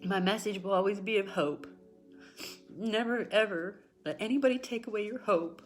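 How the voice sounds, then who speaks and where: A middle-aged woman hosting a spiritual talk show, speaking earnestly and encouragingly to her viewers and repeating herself for emphasis. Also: mid-range voice. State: tearful at times. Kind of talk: emotional personal talk to viewers.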